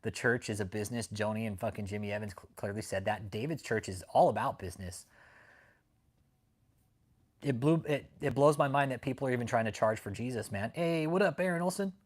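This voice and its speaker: A livestream host with a medium-pitched voice talks fairly quickly in a casual stream. He is blunt and profane as he greets viewers in the chat.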